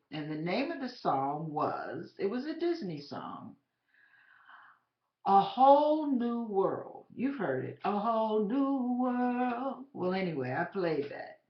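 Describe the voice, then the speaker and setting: A woman telling her own faith story as a personal testimony, animated and emphatic, speaking directly to the listener. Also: lowish voice. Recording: roomy, slightly dull recording.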